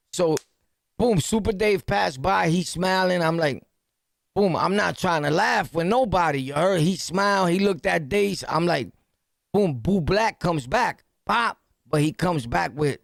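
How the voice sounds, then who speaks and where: High gravelly New York man. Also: dry recording, clean studio sound. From New York City. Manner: animated, slangy, punchy storytelling with sound-effect words. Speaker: podcast host. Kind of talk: storytelling jail anecdote.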